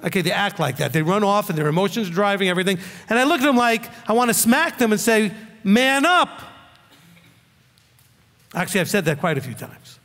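Every phrase of this sermon echoes through a long hall reverb as a male rabbi speaks fast with few pauses in a high, expressive, slightly bright voice. He scolds bluntly and keeps firing rhetorical questions.

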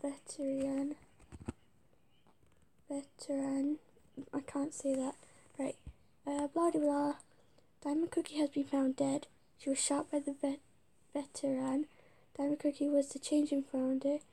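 A woman playing a video game, reading its text aloud haltingly and muttering whispered asides between stumbles. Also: high voice, little pitch movement, creaky, dark tone. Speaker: let's-play gamer.

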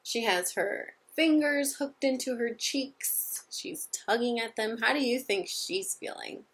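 A woman teacher giving a gentle, patient lesson to young children, asking them simple questions. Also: a little high, a little slow, breathy edge.

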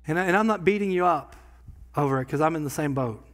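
Animated man preaching a sermon. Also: on the high side, quick pace. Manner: conversational preaching, swings from quiet to loud bursts. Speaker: pastor. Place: church sanctuary.

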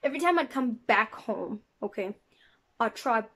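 Young South African-raised woman, American accent, slightly high voice, loose chatty vlog storytelling. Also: animated, moderate pace, fairly bright tone, slight background noise. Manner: chatty, lots of 'like' fillers, addresses viewers as guys. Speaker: vlogger. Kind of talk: casual storytelling to camera.

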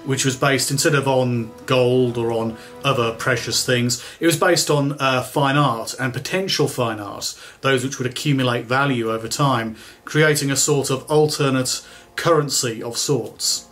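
A man's voice: medium pitch, fairly even intonation, normal speed, a bit bright, faint music behind. A man giving sarcastic, dismissive commentary. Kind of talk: critical commentary.

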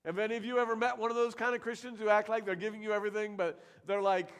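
Brief: middle-aged male pastor, high voice, animated sermon storytelling, long hall reverb. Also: very fast, smooth. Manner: animated storytelling, acting out characters' lines. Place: church sanctuary.

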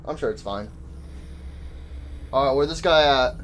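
A man giving casual gameplay commentary to his chat, excitable and joking in slang, yelping and shouting when startled. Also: medium pitch, measured pace, a little hiss or hum. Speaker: gaming YouTuber.

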